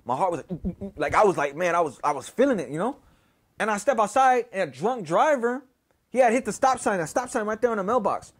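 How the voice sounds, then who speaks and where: Dude, high voice, cussing a lot, keeps saying you know and right. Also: male voice, sing-song, quick pace. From Houston, Texas. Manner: profane and rambling, full of "you know" and "right?". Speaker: storyteller. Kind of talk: casual storytelling.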